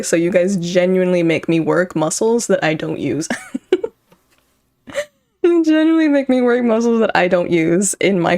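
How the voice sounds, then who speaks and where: A woman's voice: lowish voice, darkish tone. A young woman streaming, chatting casually with her viewers, rambling and breaking into giggles often. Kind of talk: casual chat with live chat.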